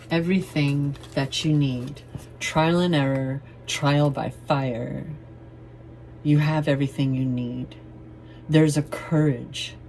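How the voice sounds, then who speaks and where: A woman's voice: deep voice, warm tone, slight background noise. A woman giving a chatty tarot reading to camera, talking loosely, swearing playfully and laughing often. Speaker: tarot reader.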